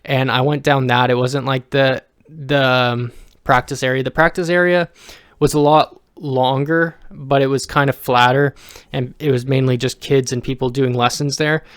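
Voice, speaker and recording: A young man talking casually in a rambling vlog, pausing often with ums and restarting his sentences. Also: mid-range voice, level tone, smooth, no room sound, studio quality. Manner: halting, many ums and restarts. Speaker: vlogger.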